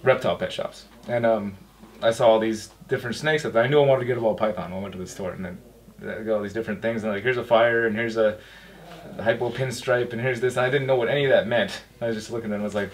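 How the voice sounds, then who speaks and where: A man's voice: fairly low pitch, quick pace. A man speaking as a panel guest, telling a rambling personal story in a casual way. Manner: rambling, anecdotal.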